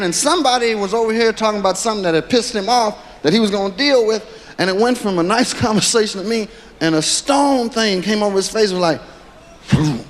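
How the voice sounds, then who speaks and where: High-voiced man doing profane stand-up. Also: long reverb tail. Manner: profane, animated storytelling. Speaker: stand-up comedian. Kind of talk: stand-up storytelling. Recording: live club recording with crowd and noise.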